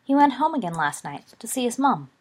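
A woman's voice: fairly high pitch, big pitch swings, brisk, voice pushed up. A woman reading the part of a blunt, bored teenage schoolboy with an offhand, rude manner. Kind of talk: audiobook character reading.

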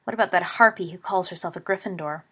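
A woman's voice: on the low side, fast talker, bright, forceful tone, slightly rough. A woman voicing a cocky teenage schoolboy wizard who snarls scornful remarks, in an audiobook story.

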